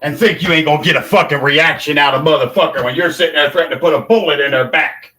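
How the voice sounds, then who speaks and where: An older man in an angry, profane livestream rant, confrontational and shouting at times. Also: on the high side, quick pace.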